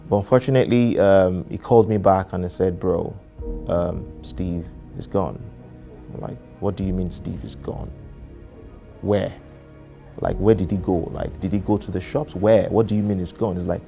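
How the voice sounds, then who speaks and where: A man with a very deep, gravelly voice speaks in a halting way, full of fillers and restarts. His tone is dark and mellow as he recalls a painful day, with soft music under him. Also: steady tone. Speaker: friend interviewed. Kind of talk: emotional recollection interview.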